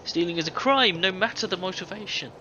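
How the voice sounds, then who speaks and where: A man's voice: high-pitched, a little fast, bright, forceful tone. A man voicing a young villager in a video game, earnest and inquisitive. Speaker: player character. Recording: dull game audio with faint hiss.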